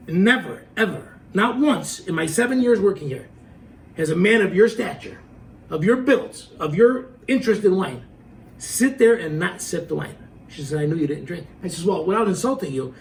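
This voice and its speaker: A middle-aged man telling a story in a casual, animated way, acting out the quotes and laughing as he goes. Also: high voice, moderate pace, gravelly, recorded from a distance, a little hiss or hum, poor audio.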